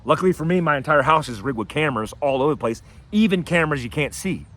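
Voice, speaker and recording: A man telling a personal story to camera outdoors, casual and animated, acting out what people said. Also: a little high, fast. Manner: animated, acts out quotes in a raised voice. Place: outdoors by his house and driveway.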